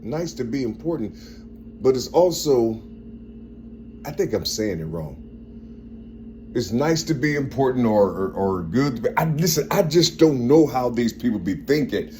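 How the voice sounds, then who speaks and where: A man in his fifties with a strong, forceful tone, talking in a rambling personal monologue and repeating phrases as he searches for words. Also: mid-range voice, a little hiss or hum. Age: 50s.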